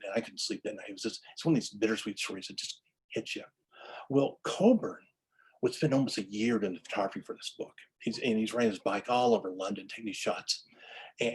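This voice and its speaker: A man's voice: on the low side, a little mellow, breathy edge, low-quality recording. A man giving an enthusiastic lecture-style story about book history, full of restarts and stammers.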